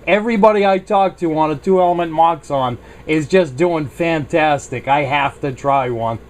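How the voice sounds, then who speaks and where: A man from South Carolina chats on the air as a ham radio operator. His voice sits fairly high, and he stays friendly and upbeat throughout. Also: normal speed. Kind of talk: radio contact chat.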